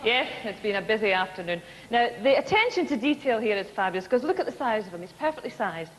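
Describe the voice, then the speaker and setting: A woman's voice: a little high, big pitch swings, fast talker, big-room sound, a little hiss or hum, low-quality recording. A Scottish woman presenting a TV comedy show, delivering scripted links in a dry, wry way.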